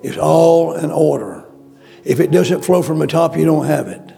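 A man's voice: on the high side, moderate pace, gravelly, warm tone, soft background music. A male preacher delivering a sermon, emphatic and repetitive, calling out questions to the congregation. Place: church.

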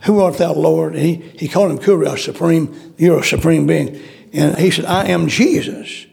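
Preaching with a fairly high, darkish voice touched by vocal fry, this man drives his points home through repetition and emphasis. He performs the quoted voices of characters in his story.

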